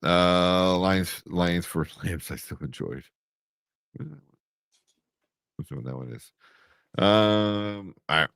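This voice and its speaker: A man's voice: low voice, takes it slowly, gravelly, pauses often, a bit bright, clean tone, no room sound, clean studio sound. A man co-hosting a live entertainment news show, chatting casually and laughing as he reads out viewer comments. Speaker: podcast co-host. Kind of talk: casual chat.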